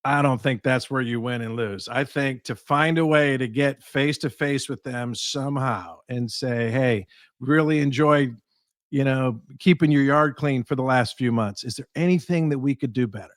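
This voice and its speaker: A man's voice: mid-range voice, moderate pace, dry recording, clean studio sound. A man, a guest speaker and sales trainer, giving advice in a podcast conversation and acting out the people in his stories. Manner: animated storyteller acting out quoted voices.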